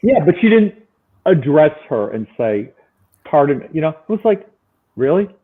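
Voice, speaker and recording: Animated storyteller man on a tinny line. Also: fairly high pitch, normal speed. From Buffalo, New York. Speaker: guest. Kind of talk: storytelling in casual chat.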